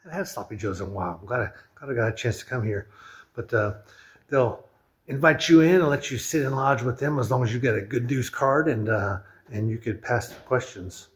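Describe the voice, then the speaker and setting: A man's voice: mid-range voice, a little fast, breathy edge. A man chatting casually as he tours a lodge room, rambling with lots of fillers and restarts. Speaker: vlogger touring a lodge. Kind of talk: casual walkthrough narration.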